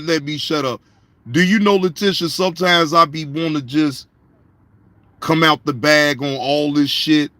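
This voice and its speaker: A man's voice: a little high, bright, forceful tone, dry recording. A man hosting a casual live-stream reaction show, speaking, profane and repetitive, addressing viewers in the chat by name.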